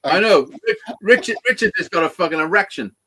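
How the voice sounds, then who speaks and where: A man's voice: high-pitched, expressive, a little fast, pushed and bright, slight background noise. A man hosting a casual live stream chat, swearing a lot and laughing often.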